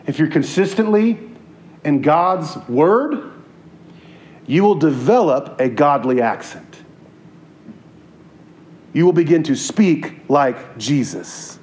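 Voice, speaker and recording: A man delivering a sermon with a voice that sits a little high for a man. He preaches earnestly and conversationally, often doubling back on his words before pressing on.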